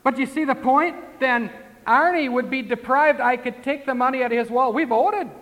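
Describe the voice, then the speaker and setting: A man's voice: very high voice, normal speed, fairly bright tone. A man preaching a sermon in a folksy, conversational way, full of rhetorical questions and asides. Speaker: pastor. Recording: long hall reverb.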